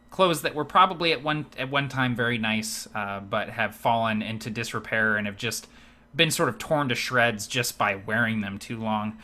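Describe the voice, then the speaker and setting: A man narrating a tabletop game as game master, relaxed and full of filler words. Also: medium pitch.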